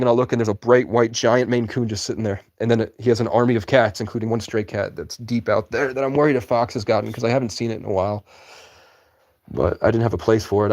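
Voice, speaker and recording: A young man with a somewhat high voice for a guy, talking from outside in the woods at night. He drifts from one thought to the next in a loose, meandering live-stream ramble and swears now and then without fuss. His pitch sits in a middling range. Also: a little mellow. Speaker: livestreamer.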